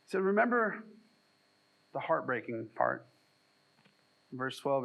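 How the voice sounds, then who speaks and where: A man's voice: high-pitched, expressive, normal speed, sharp tone, rough recording. A man preaching a sermon at a church as pastor, conversational and joking, acting out quotes in mock voices.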